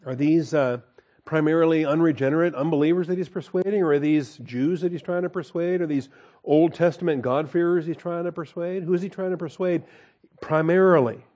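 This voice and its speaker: Mellow-voiced man teaching Bible study. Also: on the high side, brisk, muffled recording. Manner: reads scripture aloud and comments with chuckles; folksy, conversational asides.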